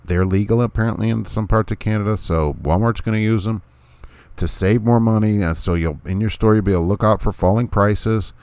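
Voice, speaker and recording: A man with a deep, low voice hosts a casual podcast. He talks bluntly and sarcastically and keeps repeating his point for emphasis. The sound is dry and close, with no room around it. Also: a little mellow, dry recording. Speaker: podcast host.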